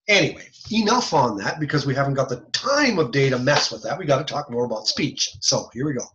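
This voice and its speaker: Guy teaching a class on a video call, kinda high voice, really animated, chatty asides, muffled lo-fi sound. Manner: chatty, explains step by step with joking asides. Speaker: instructor. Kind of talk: online lecture. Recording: dull lo-fi video call audio.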